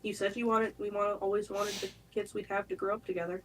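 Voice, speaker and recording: A woman's voice: medium pitch, flat delivery, fast talker. A woman playing a tabletop role-playing game, teasing and matter-of-fact in character. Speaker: player.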